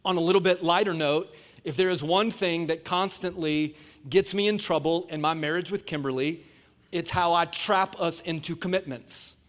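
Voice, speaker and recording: Pastor guy preaching to a packed church, kinda high voice, pumps the crowd up, keeps asking them to respond. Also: normal speed. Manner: energetic, calls for congregation response. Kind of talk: sermon. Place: church sanctuary before a live congregation.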